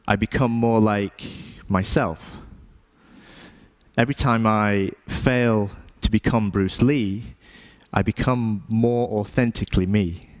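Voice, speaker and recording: A man in his thirties from England with an English accent, an artist giving a stage talk in a hesitant way, with frequent ums and restarts. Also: fairly low pitch. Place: lecture stage.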